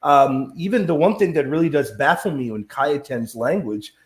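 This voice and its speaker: A man's voice: fairly high pitch, moderate pace. A man hosting a casual discussion, thinking aloud and asking his guests questions. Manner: thoughtful, questioning. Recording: echoey room.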